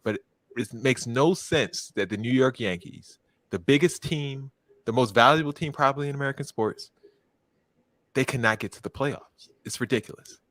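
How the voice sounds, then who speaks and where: A man from Baltimore co-hosting a casual podcast, ranting with plenty of swearing and quick self-corrections. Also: mid-range voice, fairly bright tone, no echo. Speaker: podcast co-host. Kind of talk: casual chat.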